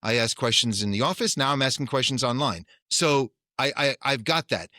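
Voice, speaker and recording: Bright-voiced male podcast host. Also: mid-range voice, expressive, normal speed, no echo, studio quality. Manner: casual, loosely phrased, chatty. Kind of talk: conversational interviewing.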